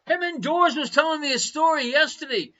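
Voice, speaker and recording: A man's voice: very high-pitched, fairly quick, pushed and bright, dull audio. A man hosting a live online quiz, chatty and teasing as he reads out questions and answers. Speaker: quiz host.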